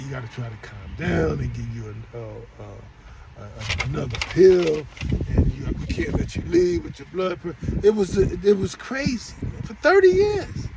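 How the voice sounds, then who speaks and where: A man's voice: fairly high pitch, vocal fry, noisy background. A middle-aged man telling a rambling story straight to his viewers, often repeating and restarting himself. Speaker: vlogger. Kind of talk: casual storytelling monologue.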